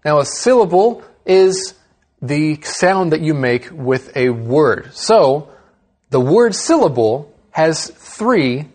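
A man's voice: fairly high pitch, big pitch swings, takes it slowly, darkish tone. A man co-hosting an English lesson program, explaining words in an upbeat teacher's manner. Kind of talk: scripted educational chat.

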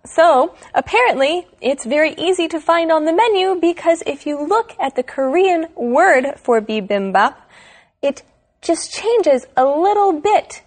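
A woman co-hosting an English lesson program, speaking clearly and deliberately. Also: extremely high pitch, animated. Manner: slow, clear, deliberate delivery. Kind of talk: scripted educational chat.

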